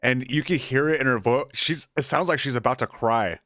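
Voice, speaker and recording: A man's voice: medium pitch, brisk, fairly bright tone, dry recording, studio quality. A man co-hosting a political commentary show, sarcastic and mocking in his remarks.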